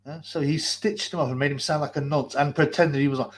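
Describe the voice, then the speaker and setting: A man's voice: a little high, steady tone, fast, few pauses, background noise. Foul-mouthed man ranting, mask on. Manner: crude, mocking, laughs between lines. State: wearing a mask. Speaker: livestream host. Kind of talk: profane ranting livestream commentary. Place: hot basement.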